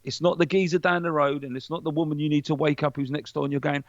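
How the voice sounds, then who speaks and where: A man, a podcast guest in casual chat, talking in an animated, preachy way with plenty of swearing. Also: a little high, fast, creaky, few pauses, no echo, highs cut off.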